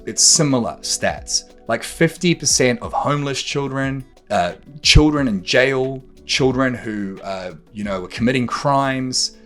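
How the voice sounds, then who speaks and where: A man delivering a straight-talking coaching monologue, his pitch sitting in the middle range for a man. He swears freely and drives his points with pointed rhetorical questions. Faint music plays softly underneath. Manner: blunt, swears often, emphatic rhetorical questions. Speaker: podcast host and coach. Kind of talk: direct-to-camera coaching monologue.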